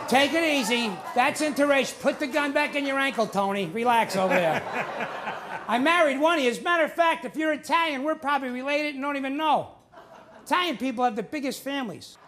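High-voiced New stand-up comic. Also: male voice, a bit bright, slight background noise. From New Jersey. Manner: punchy joke delivery with put-on character voices. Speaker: stand-up comedian. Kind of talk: stand-up comedy set. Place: TV studio with live audience.

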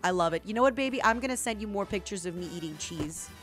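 A young woman streaming a video game, chatting casually with viewers in excitable bursts. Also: medium pitch, quick pace. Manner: excitable, yelling and laughing bursts. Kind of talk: casual gameplay commentary. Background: game music.

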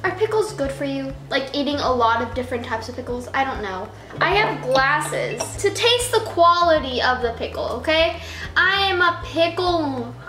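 Over background music, a woman with a high, lively, slightly slow voice rambles through a casual food-tasting vlog. She talks straight to the camera and pokes fun at herself. The room is echoey, with faint noise.

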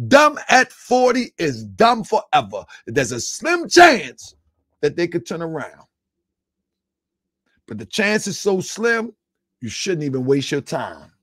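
High, lively man mocking with laughter. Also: dry recording, clean studio sound. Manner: laughing, taunting, preachy. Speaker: online commentator. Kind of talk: mocking reaction commentary.

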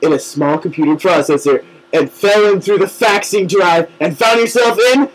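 A man improvising a silly story with a friend, contrary and teasing, with shouty bursts. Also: high voice, moderate pace, breathy edge, poor audio. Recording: heavy hiss and hum from a glitching mic.

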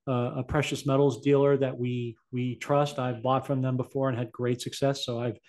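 A man's voice: medium pitch, flat delivery, normal speed, darkish tone. A man hosting a casual chat in an easygoing way, laying out his predictions with confidence. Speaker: host.

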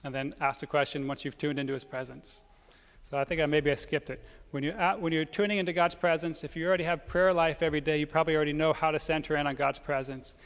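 Male priest, homily, gentle halting delivery, repeats phrases, higher voice, long reverb of a big church. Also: flat delivery. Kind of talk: homily with guided prayer. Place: large church.

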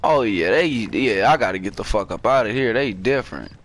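A young man giving profane, excitable horror gameplay commentary, jumping into screams and then downplaying it. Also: fairly low pitch, a little fast. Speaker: gaming streamer.

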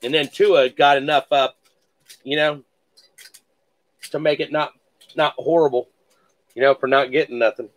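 A man's voice: medium pitch, steady tone, moderate pace, pauses often. A man hosting a live card-breaking stream, reading out pulls with hype catchphrases and playful mock-cursing.

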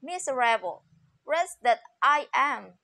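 A woman voicing a cruel, grumbling male carter in a storybook tale, with loud, scornful outbursts. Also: on the high side, lively intonation, a little slow. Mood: despairing.

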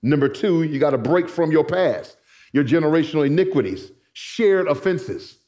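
A man's voice: a little high, expressive, normal speed, warm tone. A middle-aged male pastor preaching a sermon in church, telling stories with folksy asides to the congregation. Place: church sanctuary.

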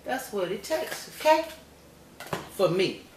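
An older woman, a grandmother and home cook, gives a cooking demonstration vlog from her kitchen, her voice sitting low, animated and unhurried. She's folksy and chatty, calling viewers y'all and baby and checking in with "okay?" again and again. The room is echoey, with loud background noise.

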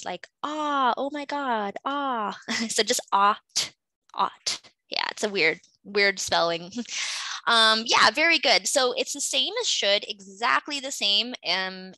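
A woman's voice: mid-range voice, gravelly, bright, forceful tone, no room sound, low-quality recording. A Canadian woman teaching an English class over a video call, patiently explaining grammar and calling on students.

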